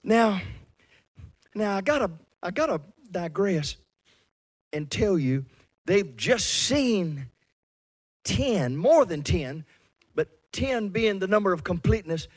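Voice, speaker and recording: Fervent high-voiced preacher man. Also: very animated, slow, long pauses. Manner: fervent preaching with repeated words and swings in loudness. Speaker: pastor. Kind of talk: sermon.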